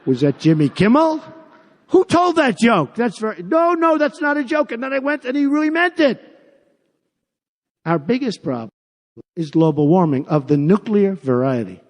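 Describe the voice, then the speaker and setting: A man's voice: high voice, sing-song, normal speed, a little mellow. Boastful male candidate in echoing arena. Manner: boastful, repetitive, off-the-cuff. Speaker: political candidate. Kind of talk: campaign rally speech. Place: large rally venue. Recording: long arena reverb.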